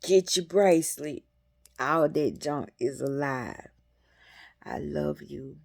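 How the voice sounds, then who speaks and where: A woman's voice: deep voice, slow, vocal fry, a little mellow. A woman hosting a metaphysics channel, giving a casual, colloquial spiritual talk and calling her viewers y'all.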